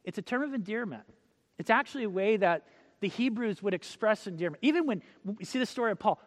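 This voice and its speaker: Male preacher, high voice, storytelling sermon, slow scripture reading, long hall echo. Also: expressive. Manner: storytelling, acts out quotes, reads scripture slowly.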